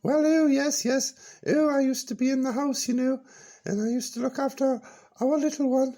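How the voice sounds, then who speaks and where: A man's voice: very high-pitched, steady tone, moderate pace, warm tone, voice pushed up. A man voicing a giddy, grand older woman on a comic radio show, giggling and swooping between "oh, yes" and "no, no". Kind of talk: comic radio character bit.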